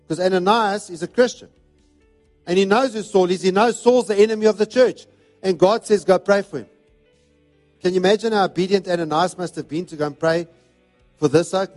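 A high-voiced man delivers a sermon, hammering his points home with repeated phrases. Soft music plays faintly beneath his voice. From South Africa. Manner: emphatic, repetitive preaching cadence. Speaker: pastor.

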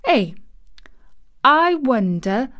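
A woman's voice: high-pitched, big pitch swings, very slow, a bit bright, pitched above the performer's own voice, exaggerated voice. A woman voicing a spirited young girl putting on a broad Yorkshire accent. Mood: teasing.

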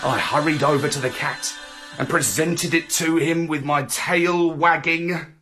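A man reads a children's story aloud in the first person, his expressive delivery swooping the way storybook reading does. His voice is a bit high and unhurried, with faint music in the background.

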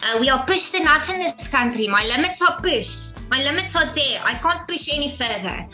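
Bright-voiced, jokey woman. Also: sits high, animated, normal speed, faint music behind, low-quality recording. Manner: self-deprecating, jokey storyteller. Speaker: guest, comedian. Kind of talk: casual video-call chat. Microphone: video call.

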